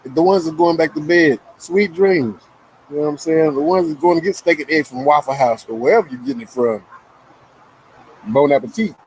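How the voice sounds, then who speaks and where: A man chatting casually with viewers while he eats, relaxed and joking. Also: on the high side, fairly quick, slight background noise, low-quality recording. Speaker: vlogger. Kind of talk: casual live-stream chat while eating.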